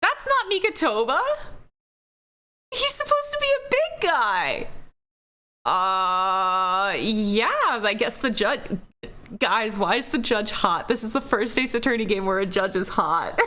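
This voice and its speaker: A woman streaming a game, reacting with swearing, laughter and loud outbursts. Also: mid-range voice, very animated, slow pace. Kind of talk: let's play commentary. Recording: loud game music behind.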